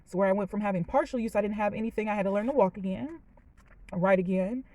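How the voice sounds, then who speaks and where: A woman's voice: medium pitch, fast, mellow, muffled recording. Chatty young woman telling her story. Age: late 20s. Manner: candid, chatty, emotional, many "you know"s. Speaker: vlogger. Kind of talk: personal storytime. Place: parked car.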